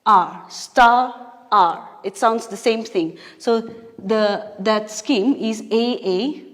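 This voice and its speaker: A woman's voice: on the high side, slow pace, a little mellow. A woman teacher giving a patient poetry lesson, explaining step by step and correcting herself as she goes. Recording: long reverb.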